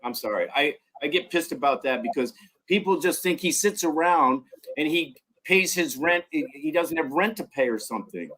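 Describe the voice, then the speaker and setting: A man co-hosting a podcast, ranting loudly and in exasperation, with swearing. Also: a little high, expressive, normal speed, breathy edge. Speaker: podcast co-host. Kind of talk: casual podcast talk.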